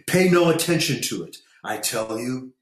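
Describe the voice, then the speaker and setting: Guy narrating as a frantic uncle yelling and begging, low voice, echoey room. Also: animated, slow pace. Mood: shouting. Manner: shouting, pleading, emphatic. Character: anxious excitable older man, the uncle.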